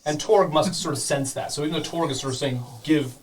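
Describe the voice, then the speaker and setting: A man's voice: on the high side, fast, far from the mic, a little hiss or hum, low-quality recording. Casual man running a tabletop game. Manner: casual, explanatory, many fillers. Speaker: game master. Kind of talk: teaching and narrating a tabletop game.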